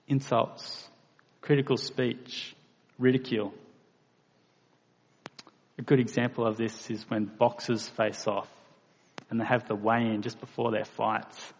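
An Australian man preaches a sermon in a gravelly, husky mid-range voice, earnest and plain-spoken. Now and then he acts out quoted voices, and the lo-fi recording was made in a reverberant hall.

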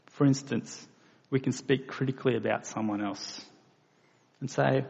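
A man's voice: mid-range voice, steady tone, moderate pace, creaky, darkish tone, slightly rough. A man preaching a sermon, earnest and plain-spoken, acting out quoted voices now and then. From Australia. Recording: lo-fi recording in a reverberant hall.

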